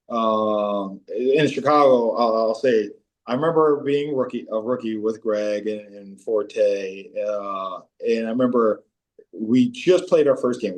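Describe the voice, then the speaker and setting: A man in his forties, a former pro football player, telling animated stories as a podcast guest and breaking into high-pitched voices when quoting teammates. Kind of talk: casual storytelling interview.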